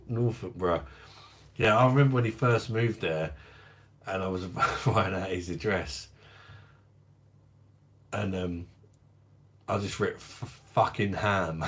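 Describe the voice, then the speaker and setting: A man with a fairly low voice hosts a relaxed livestream. He talks at an unhurried, easy pace, joking around and greeting viewers by name as he reads their comments aloud. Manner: jokey and chatty, laughs often, greets viewers. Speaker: livestream host of a beer review channel. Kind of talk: casual livestream chat, reading viewer comments.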